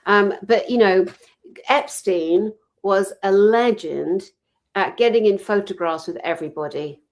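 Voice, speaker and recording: A woman co-hosting a casual chat, speaking in a passionate, outspoken, animated storytelling manner. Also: medium pitch, unhurried. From Britain. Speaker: co-host.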